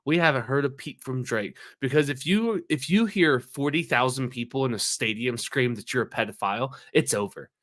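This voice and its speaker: A man's voice: mid-range voice, normal speed, few pauses, a bit bright. A man co-hosting a podcast in casual banter, rambling and emphatic, swearing often. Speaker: podcast co-host.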